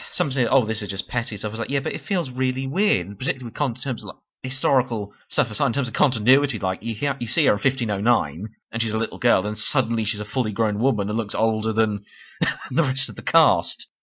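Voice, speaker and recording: Tired guy rambling thru an unscripted review, lowish voice, lots of laughs and restarts, kinda dull lo-fi sound. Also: fast talker, a bit bright, husky. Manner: chatty, rambling, frequent laughs and self-corrections. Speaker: TV series reviewer. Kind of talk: casual unscripted review monologue.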